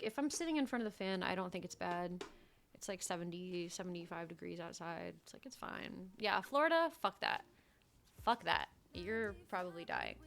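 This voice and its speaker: A young woman livestreamer in casual chat, telling stories in a chatty, animated way and swearing freely. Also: medium pitch, creaky.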